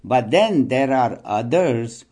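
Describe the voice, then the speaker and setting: During a joke-filled scripture talk, a spiritual teacher tells stories slowly, his medium-pitched voice a little mellow and lively in intonation. He chuckles often and keeps restarting his lines.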